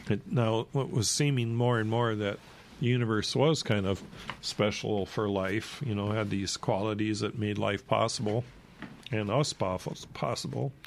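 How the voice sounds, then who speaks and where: A man hosting a talk program, explaining and reading aloud from a book in a halting way with many fillers, short of breath and coughing. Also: on the low side, steady tone, a little hiss or hum. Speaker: radio host. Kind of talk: casual spoken commentary reading from a book.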